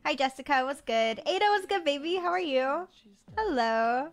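A young woman from the Florida Panhandle, USA, chats casually with her live-stream viewers in a high voice with lively intonation at a moderate pace. She rambles with lots of fillers and stumbles over words, with faint music in the background.

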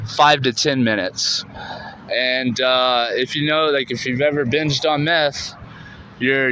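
A man with a bright, forceful voice tells his story outdoors, loose and rambling, dropping "like" and "man" into every line. Faint traffic passes in the background. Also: mid-range voice, poor audio. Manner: loose, rambling talk full of "like" and "man", with swearing. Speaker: vlogger recounting his recovery. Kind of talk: casual spoken storytelling on location. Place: outdoors beside a canal near a street.

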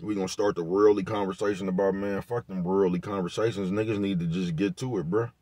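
In this casual to-camera rant, a vlogger with a lowish, dark-toned voice talks fast with fairly even intonation. His delivery is loose, laid-back and repetitive, and he uses slang and profanity constantly. Everything is recorded dry and close, with no room sound.

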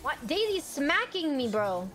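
A young adult woman chatting casually and excitably while commentating her own gameplay, quick to laugh and to yell at the screen. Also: high-pitched, faint music behind. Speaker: gaming streamer.

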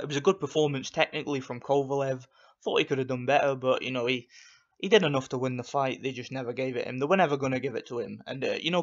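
A man's voice: mid-range voice, muffled recording. A man giving an angry, profane rant as he reviews a boxing fight for his channel, repeating himself and piling on insults. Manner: angry, profane, repetitive ranting.

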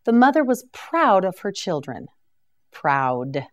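Slow, lively-voiced woman vocabulary teacher. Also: mid-range voice. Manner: slow, carefully enunciated repetition with encouraging praise. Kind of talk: scripted vocabulary drill lesson.

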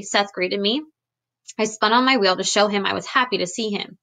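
A female teacher addresses her class over a webcam, offering a gentle recap before she reads from a storybook. Her mid-range voice is bright and clear, with lively intonation and a fairly quick pace.

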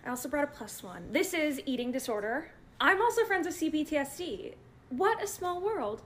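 A woman's voice: sits high, animated, moderate pace. A woman performing a short acted skit, delivering snappy theatrical lines and switching between personas.

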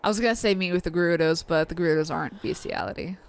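A woman's voice: fairly low pitch, rapid-fire. Chatty, foul-mouthed young woman gamer. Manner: swears freely, laughs often. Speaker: co-host of a gaming channel. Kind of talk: casual let's play commentary.

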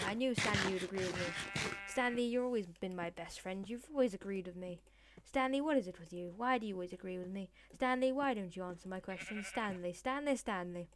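A woman hosting a let's play, chattering randomly and sillily in a put-on voice. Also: medium pitch. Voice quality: deliberately put-on voice. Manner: silly, rambling, random chatter to in-game pets. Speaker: gaming channel host. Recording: noisy recording with clicks.

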